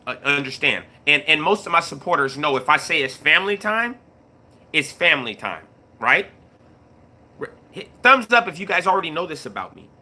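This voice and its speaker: A man's voice: on the high side, big pitch swings, normal speed, bright, forceful tone. A middle-aged man chatting casually on a livestream, greeting viewers and repeating himself as he talks. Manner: laid-back, repeats himself, greets chat mid-story. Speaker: YouTube live streamer.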